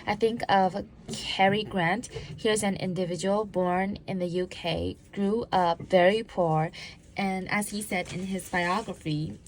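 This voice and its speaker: A former law enforcement officer, now a public speaker, gives a talk on body language, acting out examples and leading the audience through drills. Her mid-range voice has fairly even intonation and a slightly slow pace, with a little hiss or hum in the recording.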